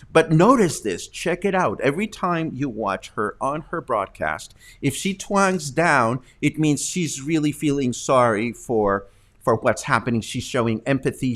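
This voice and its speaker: Casting: a casual male live-stream host, mid pitch, talking loosely with many fillers. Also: lively intonation, moderate pace, a bit bright. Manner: chatty, rambling, lots of ums and uhs. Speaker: host of a live news show.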